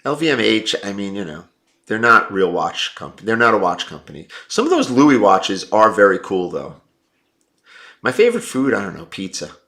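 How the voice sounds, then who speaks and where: A man's voice: on the low side, big pitch swings, moderate pace, pushed and bright. A man hosting a livestream, reading viewer comments and giving blunt, opinionated takes. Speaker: livestream host.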